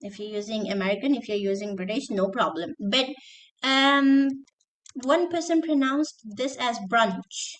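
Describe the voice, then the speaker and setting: A woman's voice: fairly high pitch, fairly even intonation, normal speed, slight background noise, rough recording. Woman teacher giving an online lesson. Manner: explanatory, checks with "okay?", mixes in Arabic terms. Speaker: teacher trainer.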